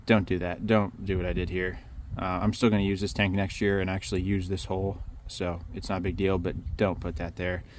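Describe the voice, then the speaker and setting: A man talks in a low, level drone with almost no rise or fall, walking through his work setup outdoors. He is blunt and casual, curses easily, and slips in dry jokes about himself. Light outdoor noise sits under the voice. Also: fairly quick, hardly any pauses. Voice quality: monotone. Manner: blunt, casual, swears, dry self-mocking humor. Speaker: pressure washing business owner. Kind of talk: casual walkthrough vlog. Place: outdoors beside a work trailer.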